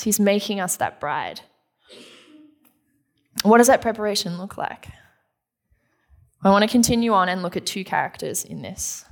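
A woman pastor delivers a sermon in an earnest, conversational tone. Her voice sits a little low for a woman. She slips into casual acted-out quotes as she preaches.

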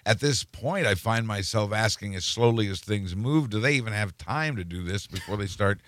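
A male commentator with a fairly low voice, talking in a blunt, sardonic, emphatic way. His voice is close and dry, with no room sound around it. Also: expressive, moderate pace, a bit bright, dry recording. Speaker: news commentator, regular guest. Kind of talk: casual political commentary.

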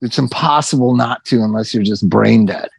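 A man telling stories in casual chat, animated and swearing, acting out what people said. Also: medium pitch, moderate pace, gravelly. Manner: animated, swearing, acts out quotes.

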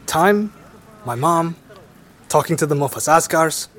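Brief: young man telling his story, animated, slightly high voice. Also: a little slow. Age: young adult. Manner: relaxed, wry, laughs easily. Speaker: interviewee. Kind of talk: conversational interview.

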